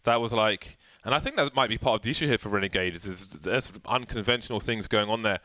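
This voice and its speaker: Man, esports caster, bright tone, lower pitch, jokey excitable commentary. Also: dry recording. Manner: excitable, jokey, rapid play-by-play.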